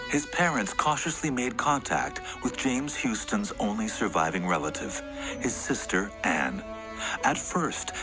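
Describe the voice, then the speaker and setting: Lively-voiced male documentary narrator. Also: on the low side. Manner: dramatic storytelling delivery. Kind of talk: scripted narration.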